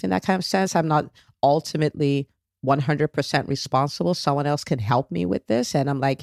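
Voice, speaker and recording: A woman's voice: low voice, a little fast, creaky, a little mellow, no echo, studio quality. A woman hosting a motivational solo podcast, coaching listeners directly and checking in with frequent "okay?"s, with an encouraging, faith-based tone. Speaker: podcast host.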